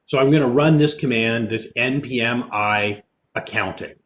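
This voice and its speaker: A man, a college instructor, giving a relaxed online programming lecture, explaining as he goes with fillers, with keyboard typing in the background. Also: mid-range voice, moderate pace, slight background noise. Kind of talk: recorded online lecture with screen demo.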